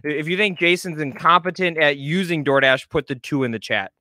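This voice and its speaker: Bright-voiced man talking stocks live. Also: a little high, fairly quick, dry recording, clean studio sound. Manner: chatty, joking, lots of fillers and stutters. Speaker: show host, stock commentator. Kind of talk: casual live market commentary.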